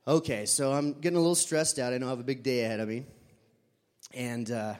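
A man's voice: medium pitch, steady tone, fairly quick, big-room sound. A man telling a personal story live, casual and conversational with fillers, sometimes acting out voices.

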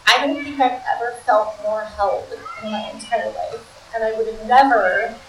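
A woman in her thirties telling a personal story to an audience in a chatty, animated way, full of "like". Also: fairly high pitch, moderate pace, echoey room, far from the mic, a little hiss or hum, low-quality recording. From United States (Maryland). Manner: chatty, animated, heavy use of "like".

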